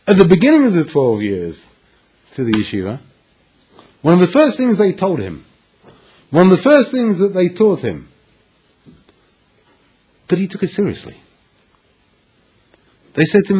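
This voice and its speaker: A man delivers a Torah lecture as a story, acting out both sides of the dialogue and pausing for effect. His voice sits a little high and swings widely in pitch, with a husky grain throughout. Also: low-quality recording. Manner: animated storyteller acting out dialogue with dramatic pauses. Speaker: Torah teacher.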